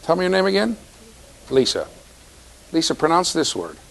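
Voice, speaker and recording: A man's voice: a little high, very animated, normal speed, gravelly, low-quality recording. A man giving a university classroom lecture, teasing students and checking in with "right?".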